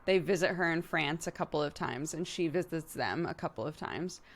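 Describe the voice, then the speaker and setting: A woman's voice: low voice, moderate pace. A woman streamer in casual livestream chat, rambling playfully and laughing often.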